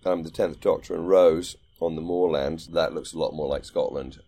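A man with a very deep, dark, mellow voice co-hosts a podcast in loose, friendly chat. He rambles and thinks out loud, circling back with ums and restarted phrases as he works toward his point. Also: fairly even intonation, moderate pace. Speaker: podcast co-host. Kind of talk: casual chat.

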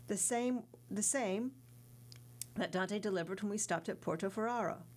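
A woman's voice: medium pitch, moderate pace, natural voice. A woman reading the part of a sly male ship's clerk in an audiobook, careful and evasive.

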